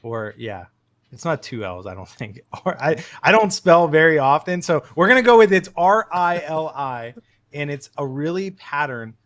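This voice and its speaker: A man who is a podcast guest, explaining things in a friendly, casual way with quick asides. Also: medium pitch, fairly bright tone, dry recording. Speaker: podcast guest, shrimp breeder.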